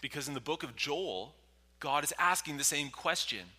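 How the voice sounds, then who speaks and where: Male pastor, sermon delivery; sharp bright tone, dramatic loud-to-whisper swings, long church reverb. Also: a little high, animated, normal speed, slightly rough. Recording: long reverb from a large hall.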